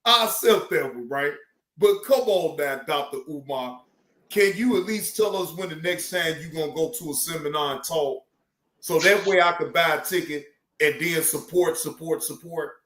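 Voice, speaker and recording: Male live-stream host, high-pitched, animated and profane, roomy sound. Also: moderate pace. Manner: animated, loud laughter, profane. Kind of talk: casual live-stream chat.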